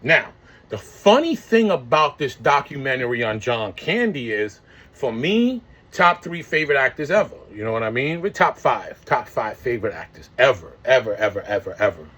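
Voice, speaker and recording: A man's voice: mid-range voice, big pitch swings, moderate pace, fairly bright tone, slightly rough. Man in his forties rambling in slang. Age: 40s. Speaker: vlogger. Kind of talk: casual monologue.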